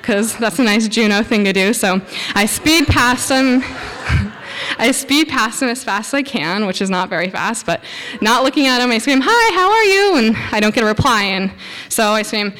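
A woman telling a personal anecdote to an audience, animated, acting out her own quoted thoughts and saying "like" often. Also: a little high, normal speed, a little hiss or hum. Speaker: storyteller. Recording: long hall reverb.

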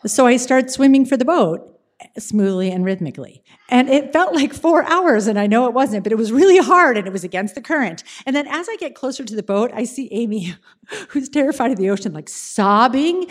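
Animated woman telling a wry story. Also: on the high side, brisk. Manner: animated, dramatic, wry asides. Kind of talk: personal storytelling.

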